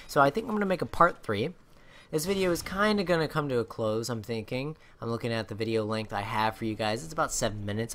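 Teen guy venting on his gaming vlog, pitch jumping all over, lots of "you know" and "dude". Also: fairly bright tone. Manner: rambling, many fillers and restarts, says "dude". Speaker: YouTuber. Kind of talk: ranting vlog over gameplay.

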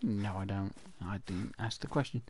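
Gravelly man rambling over gameplay. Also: on the low side, normal speed, darkish tone, slight background noise. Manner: rambling self-talk, answers himself in silly voices. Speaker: gaming channel host. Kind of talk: casual gameplay commentary.

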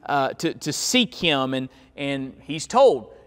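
A male pastor preaching a sermon in a church, stressing key words and stretching them out slowly. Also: mid-range voice, sing-song, fairly bright tone. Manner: emphatic preaching with slow, drawn-out key words. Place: church sanctuary. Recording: long hall reverb.

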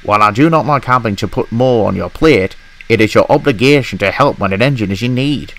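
A man voicing a stern, measured middle-aged male railway boss in a storybook reading. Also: mid-range voice, fairly bright tone, natural voice.

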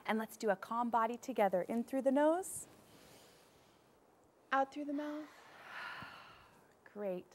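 A young woman teaching a children's music lesson, cheerfully leading warm-ups and call-and-response drills. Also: on the high side, animated, slow, pauses often.

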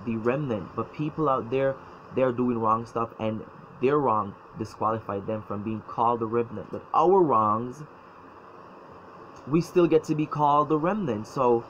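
Man giving a halting personal testimony, restarts a lot, slightly dull lo-fi sound. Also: mid-range voice. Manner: halting, repeats words, emotional. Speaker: former church member telling his story. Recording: dull lo-fi sound, faint noise.

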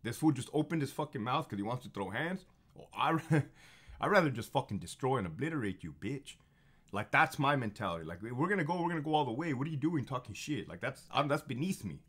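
A man's voice: mid-range voice, lively intonation, fast talker, fairly bright tone, husky. A man in his thirties, a former prison officer, telling stories in a casual, profane, emphatic monologue that gets heated and confrontational. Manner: profane, emphatic, repeats phrases for effect.

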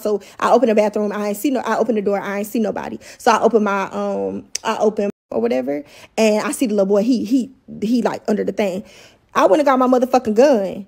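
A young woman with a gravelly, fry-edged voice tells a personal story in a casual rant. She swears freely and keeps her outrage running high. Her pitch sits in an ordinary middle range. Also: a little mellow. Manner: heated, profane, fast-rising outrage. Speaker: storyteller in a viral clip.

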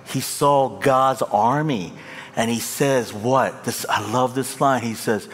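A man's voice: medium pitch, slow, slight background noise. A male pastor preaching a sermon, impassioned and conversational, with a long hall reverb on the voice. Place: large church hall.

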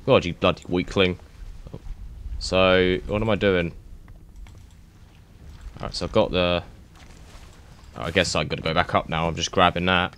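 A young man giving excitable, rambling let's-play commentary, swearing and thinking aloud as he plays. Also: sits low, moderate pace, long pauses. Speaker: gaming YouTuber.

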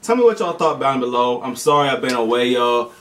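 A man's voice: mid-range voice, animated, a little fast, fairly bright tone, a little hiss or hum. A young man with an American accent hosts a casual music reaction, talking in loose slang. He laughs often and gets worked up over what he hears, in an ordinary mid-range voice. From United States.

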